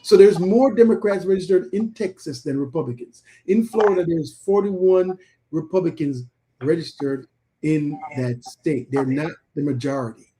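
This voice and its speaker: A man's voice: on the high side, moderate pace, dark tone, slight background noise, low-quality recording. A man co-hosting a casual podcast, earnestly urging listeners to get out and vote. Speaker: co-host.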